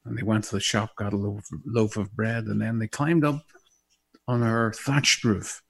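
A man's voice: lowish voice, steady tone, moderate pace, gravelly. A middle-aged man from Northern Ireland with a Northern Irish accent, preaching a sermon and praying to listeners in an emphatic, heartfelt way. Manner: emphatic and heartfelt, rising and falling. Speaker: pastor.

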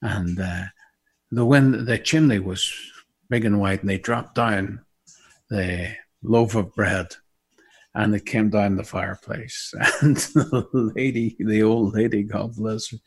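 A man's voice: lowish voice, slow, slightly rough. A middle-aged man from Northern Ireland with a Northern Irish accent, preaching a sermon and praying to listeners in an emphatic, heartfelt way. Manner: emphatic and heartfelt, rising and falling. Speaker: pastor.

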